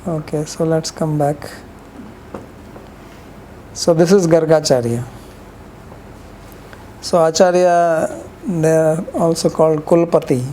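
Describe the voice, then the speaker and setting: A woman's voice: low-pitched, fairly even intonation, slow, pauses often, mellow, a little hiss or hum, low-quality recording. A woman giving a rambling, conversational scripture lecture, telling stories with frequent asides.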